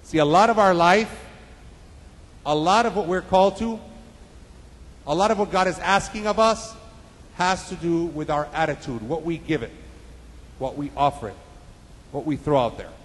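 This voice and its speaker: A man's voice: fairly high pitch, normal speed, long pauses, in a large hall, low-quality recording. A man preaching a sermon with an emphatic, repetitive cadence, building points in parallel phrases.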